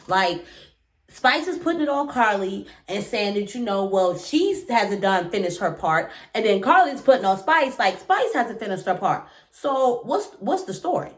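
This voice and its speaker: A woman giving a casual, animated reaction recap of a reality show, talking fast with lots of fillers and asides. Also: fairly high pitch.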